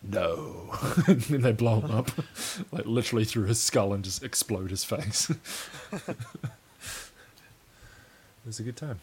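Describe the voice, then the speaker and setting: A man's voice: on the low side, normal speed, darkish tone, husky. A man co-hosting a podcast in casual chat, rambling loosely and laughing often. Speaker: podcast co-host. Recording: faint hiss.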